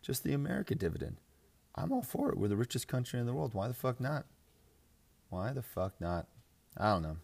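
A man's voice: mid-range voice, very animated, fairly quick, vocal fry, long pauses, a little mellow, slightly rough. A young man hosting a fantasy football podcast, ranting casually with crude jokes, swearing and lots of filler words. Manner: crude, joking, mocking, frequent laughs and filler "like"; mimics others in exaggerated voices. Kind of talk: casual profane podcast rant.

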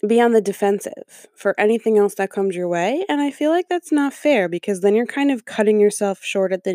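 A woman's voice: medium pitch, darkish tone, dry recording, clean studio sound. Sarcastic woman ranting over a review. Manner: sarcastic, profane, exasperated asides. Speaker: commentator reacting to a review. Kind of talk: reading aloud and ranting commentary.

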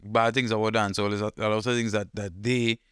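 A man, chatting casually as a podcast co-host, rambling and thinking aloud in a relaxed way. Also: lowish voice, quick pace, smooth, no echo, clean studio sound. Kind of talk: casual chat.

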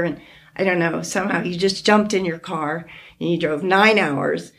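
A woman hosting a podcast, talking with a close friend in an emotional, heartfelt way, teary and halting at times. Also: on the low side, fairly even intonation, vocal fry. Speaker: podcast host. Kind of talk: emotional casual chat.

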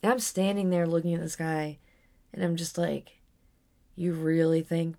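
Young woman, podcaster, deep voice, vocal fry, casual storytelling monologue, rambling. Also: steady tone, normal speed, a little mellow. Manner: candid, rambling, with frequent restarts.

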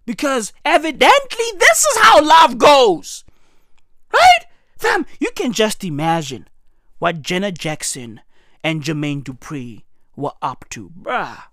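A woman giving a comedic rant, incredulous and exaggerated, often breaking into shouts. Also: medium pitch, sing-song, slow, no room sound, clean studio sound. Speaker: comedic commentator.

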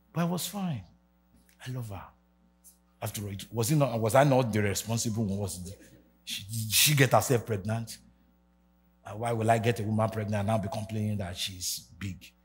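A Nigerian man in his forties preaching a sermon, swinging from shouted rallying calls to low quiet asides. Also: a little hiss or hum. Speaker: pastor. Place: church hall with congregation.

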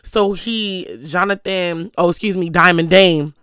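A vlogger chatting to the camera about recent outings, swearing freely and telling stories in an animated, gossipy way, close to a stand mic in a small room. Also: mid-range voice, a little slow, clear, resonant tone, no room sound. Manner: animated, profane, gossipy storytelling. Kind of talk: casual chat to the camera. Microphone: stand mic close to the speaker.

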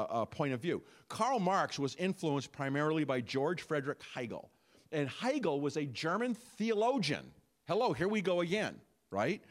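Male pastor, sermon delivery, fairly high voice with a very lively, swooping pitch, lots of rhetorical questions. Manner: animated preaching with rhetorical questions.

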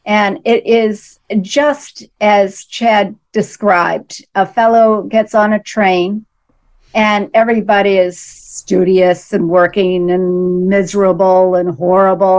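A woman hosting a casual conversation, retelling things in a measured, earnest way. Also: medium pitch, flat delivery, a little mellow.

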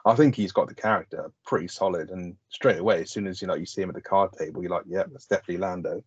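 Fast-talking, deep-voiced man. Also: husky, no room sound, lo-fi sound. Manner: rambling, sweary, lots of "like". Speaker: podcast co-host. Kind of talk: casual film review chat.

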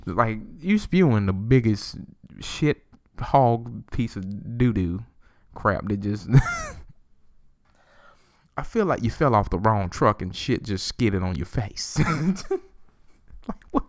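A man hosting his own podcast, ranting solo in a profane, animated way and laughing often. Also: lowish voice, no room sound, studio quality. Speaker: podcast host.

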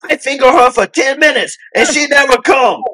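A man's voice: very high voice, normal speed, pushed and bright, pitched above the performer's own voice. A man voicing a rude, impatient male airline passenger while retelling a joke story on a podcast. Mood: indignant. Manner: indignant, blurting.

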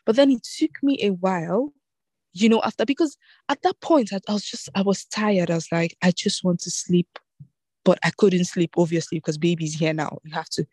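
A woman hosting a casual chat, lively and full of fillers, inviting her guests to share. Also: fairly low pitch, fairly quick, breathy edge, no echo.

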